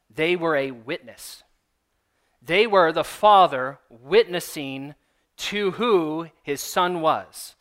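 Male pastor, slightly high and bright voice, relaxed conversational sermon delivery with emphatic points. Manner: conversational, emphatic teaching with asides.

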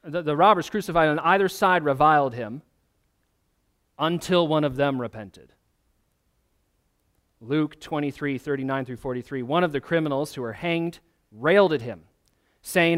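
A man's voice: a little high, normal speed, pauses often, a bit bright. A man, a pastor, preaching a sermon in an earnest, emphatic way, often asking the listeners questions.

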